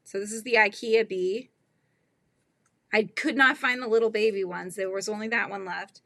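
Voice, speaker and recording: A woman's voice: mid-range voice, fairly even intonation, moderate pace, bright, forceful tone, dry recording. A middle-aged woman hosting a crochet livestream, chatting casually, giggling and reading the chat aloud.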